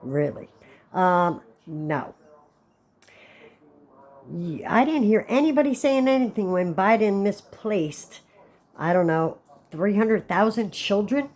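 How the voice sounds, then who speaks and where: A woman's voice: medium pitch, lively intonation, takes it slowly, long pauses, darkish tone. A woman hosting her own channel, giving blunt, opinionated commentary in a casual vlog. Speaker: channel host.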